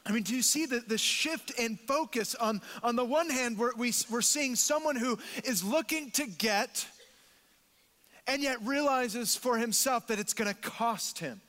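A man's voice: extremely high pitch, unhurried, bright, forceful tone, big-room sound. A man preaching a sermon in a church, emphatic, repeating words and acting out quotes. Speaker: pastor.

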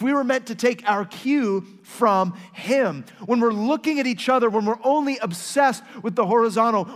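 A man preaching a sermon as pastor, telling a story with animated swings from loud to hushed. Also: sits high, long reverb tail.

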